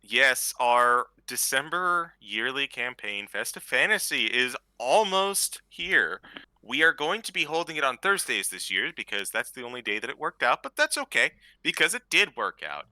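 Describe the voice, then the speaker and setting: A man's voice: medium pitch, sing-song, moderate pace, pushed and bright, dry recording. A man making announcements to the audience in a playfully dramatic way. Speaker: player announcing a campaign. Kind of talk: casual stream announcement.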